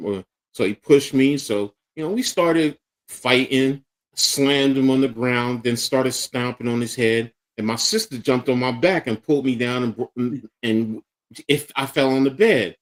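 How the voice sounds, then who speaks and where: A man's voice: medium pitch, measured pace. A middle-aged man with a Philadelphia accent, co-hosting a casual talk show and animatedly acting out the voices in his stories. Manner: animated storyteller acting out quotes. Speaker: podcast co-host. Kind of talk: casual storytelling chat.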